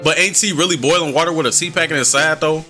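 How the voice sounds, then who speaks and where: Bright-voiced joking gamer man. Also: a little high, fast talker, faint music behind. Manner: profane, slangy, joking asides. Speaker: gaming video host. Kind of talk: comedic let's-play commentary.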